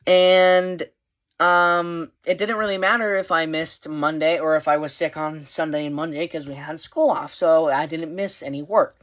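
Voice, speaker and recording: Teen boy, casual vlog storyteller, rambling and animated. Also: fairly high pitch, moderate pace. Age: teens. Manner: rambling, with many fillers and restarts; animated, voice rising when excited. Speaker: vlogger.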